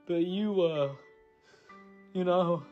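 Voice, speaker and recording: A man giving an emotional, halting spoken apology. He blames himself, pauses often and restarts his sentences. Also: sits high, phone-quality sound, faint music behind. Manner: halting, self-blaming, full of pauses and restarts. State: emotional, choked up. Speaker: person recording a personal apology.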